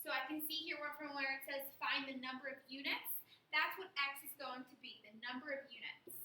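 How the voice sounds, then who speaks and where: High, bright-voiced woman teaching math. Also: fairly even intonation, fairly quick, roomy sound, a little hiss or hum. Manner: patient, step-by-step explaining. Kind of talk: recorded classroom lesson.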